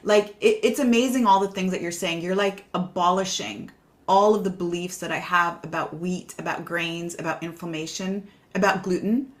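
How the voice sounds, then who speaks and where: A woman's voice: lowish voice, fairly even intonation, moderate pace. A woman hosting a casual podcast interview, reflective and enthusiastic as she asks questions. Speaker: podcast host.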